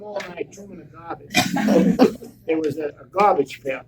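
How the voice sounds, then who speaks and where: An older man telling stories on a live convention panel in a blunt, profane, animated way. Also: on the high side, brisk, pauses often, very noisy. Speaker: panel guest.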